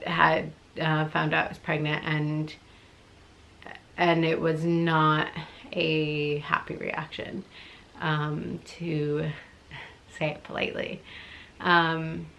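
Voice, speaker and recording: A young woman with a slightly low voice tells a personal story straight to the camera. She talks in a chatty, animated way, laughing often and acting out both sides of a conversation. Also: slow, vocal fry, pauses often. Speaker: vlogger answering viewer questions.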